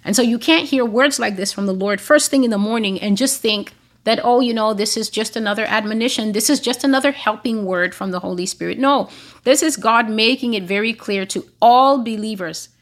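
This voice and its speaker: A woman giving a prophetic teaching monologue, emphatic and repeating phrases for stress. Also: a little high.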